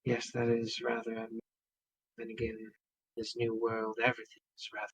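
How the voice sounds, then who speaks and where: A man voicing an elegant, calm woman who speaks quietly in formal phrases. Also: mid-range voice, moderate pace, slightly rough, rough recording.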